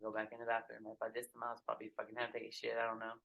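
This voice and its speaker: A middle-aged woman, a podcast guest telling stories in casual chat, animated and profane, acting out quotes, recorded outdoors in a backyard. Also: very deep voice, very fast, creaky, muffled recording.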